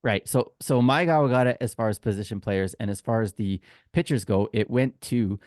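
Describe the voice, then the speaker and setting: Low-voiced Canadian man hosting a chat. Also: moderate pace, a little mellow, dry recording, clean studio sound. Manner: chatty, joking, opinionated. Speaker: podcast co-host. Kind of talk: casual podcast chat.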